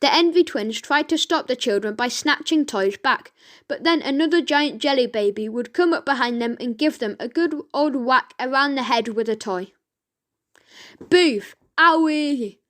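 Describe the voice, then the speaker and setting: A woman reading a children's audiobook aloud, slowly and with the odd stumble and self-correction. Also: high voice. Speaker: reader.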